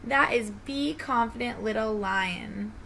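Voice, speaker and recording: A woman, a teacher, reading a children's storybook aloud in a gentle, expressive way. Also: fairly high pitch, slow pace, creaky, slight background noise.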